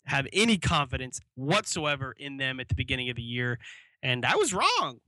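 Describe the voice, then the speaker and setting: Bright-voiced man co-hosting a sports podcast. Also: medium pitch, sing-song, moderate pace, dry recording. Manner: easygoing, talks through awards. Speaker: podcast co-host. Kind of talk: casual sports chat.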